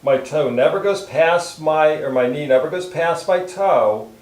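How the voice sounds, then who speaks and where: A man with a somewhat high voice calmly leads a posture exercise lesson, describing each stretch as he does it. He talks in a steady, instructive way. The sound is roomy, with a noticeable echo. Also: measured pace. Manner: calm, steady step-by-step instruction while moving. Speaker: chiropractor demonstrating exercises.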